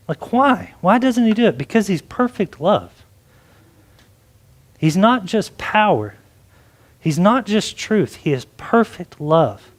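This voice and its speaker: Guy pastor preaching, high-ish voice, chatty, lots of "like". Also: a little mellow. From Texas. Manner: conversational preaching with many likes. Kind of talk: sermon.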